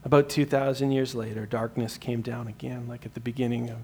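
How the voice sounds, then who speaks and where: A man preaching a sermon as pastor, earnest, swinging from emphatic peaks to hushed, slow lines, often repeating a word as he restarts. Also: mid-range voice, flat delivery, a little hiss or hum. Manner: repeats words as he restarts sentences.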